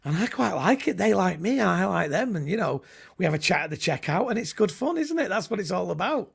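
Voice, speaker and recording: A middle-aged man with a very gravelly, husky voice and a slightly high pitch, chatting as a comedian guest. He rambles through jokey stories and slips into little comic voices. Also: very animated, a little fast. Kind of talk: casual chat.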